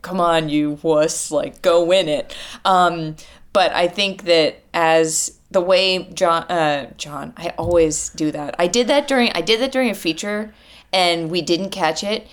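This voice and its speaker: A woman sports reporter chatting as a podcast guest, excitable and quick, often cutting herself off and restarting. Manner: excitable, quick, self-interrupting with big pitch swings. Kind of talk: casual podcast chat.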